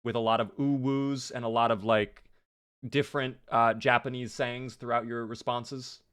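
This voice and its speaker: A young man commentating his live game stream, excitable and reactive, often thanking viewers. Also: mid-range voice, moderate pace, smooth.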